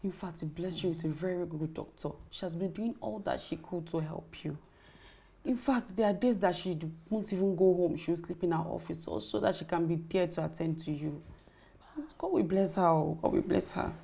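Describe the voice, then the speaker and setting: A woman's voice: fairly low pitch, moderate pace, gravelly, dark tone, breathy edge. An actress playing a devout young woman with a Nigerian accent, reassuring her aunt.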